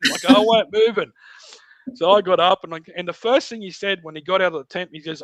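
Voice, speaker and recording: A man's voice: high-pitched, fast, hardly any pauses, no echo, lo-fi sound. A middle-aged Australian man, a podcast guest, telling a story in casual chat and acting out voices and sounds. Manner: animated, acts out voices and sounds in his tale.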